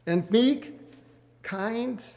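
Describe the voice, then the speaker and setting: A man's voice: sits high, drawn-out words, vocal fry, darkish tone. A middle-aged man hosting a marriage study group, giving earnest Bible teaching to couples. He repeats key words and asks the group questions.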